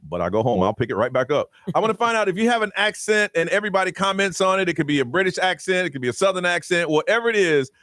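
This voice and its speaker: Lively male radio host, dry studio sound. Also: sits high, racing, few pauses, no echo. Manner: laughing, animated, plays with funny voices. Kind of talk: casual morning radio banter.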